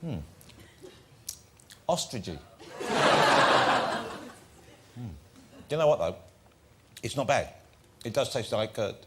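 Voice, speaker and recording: A man hosting a talk show, joking and self-mocking in comic studio banter before a live audience. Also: medium pitch. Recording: broadcast studio with loud crowd. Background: loud audience laughter and noise.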